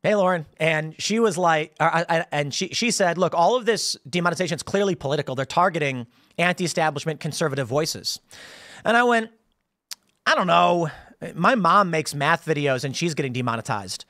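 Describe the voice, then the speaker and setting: A high-voiced American man hosting a political commentary show delivers a casual monologue at a fairly quick pace. He rants in rambling, animated stories with frequent restarts and laughs. The audio is studio quality with no echo.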